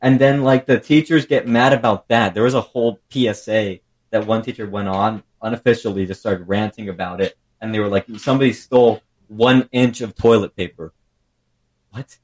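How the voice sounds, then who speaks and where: A man with a fairly low voice co-hosts a loose group podcast over a call. He rambles through long explanations and keeps the chat going. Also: fairly even intonation, brisk, few pauses. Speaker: podcast co-host.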